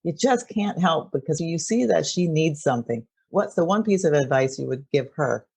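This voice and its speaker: Low-voiced woman hosting an interview. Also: animated, moderate pace, vocal fry, darkish tone, husky. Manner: brief affirming replies, asks questions. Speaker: podcast host. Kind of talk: casual interview chat.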